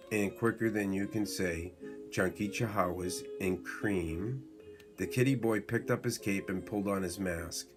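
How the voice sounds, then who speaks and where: A man reading a bedtime story aloud to his child, in a slow, unhurried way. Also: deep voice, faint music behind. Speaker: father reading to his son.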